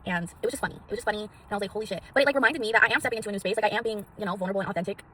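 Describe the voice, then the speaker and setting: Bright, theatrical woman vlogging from a car. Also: medium pitch, racing, slight background noise. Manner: theatrical, swears freely. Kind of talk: casual self-help vlog. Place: parked car. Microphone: phone on a magnetic mount.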